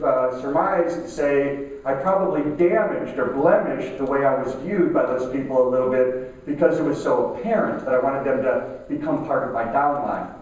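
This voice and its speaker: A middle-aged man gives a conversational motivational talk, slowing down to stress key lines. His voice sits a bit high. The recording is very echoey and picked up from a distance in a conference room. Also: a little mellow, lo-fi sound. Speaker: keynote speaker. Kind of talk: motivational talk to a live audience. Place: conference room at a networking event. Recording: echoey room, mic from far off.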